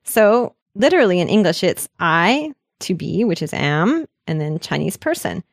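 A woman's voice: fairly low pitch, very animated, normal speed, vocal fry, no echo, clean studio sound. A woman from Canada co-hosting a language lesson podcast, explaining patiently with light jokes. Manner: upbeat, joking, explains patiently.

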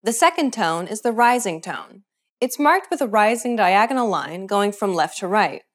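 A woman narrating a scripted language lesson in a clear, measured instructional way. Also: medium pitch, expressive. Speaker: language teacher.

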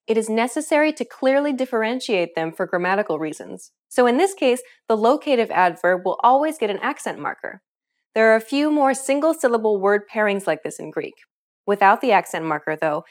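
A woman narrating a scripted language lesson, explaining clearly and upbeat, asking the learner questions. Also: medium pitch. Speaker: language teacher.

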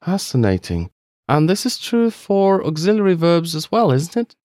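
Upbeat man teaching with lively pitch. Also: moderate pace, no echo, clean studio sound. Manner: upbeat, encouraging listeners. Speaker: co-host of a language lesson. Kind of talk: scripted lesson dialogue.

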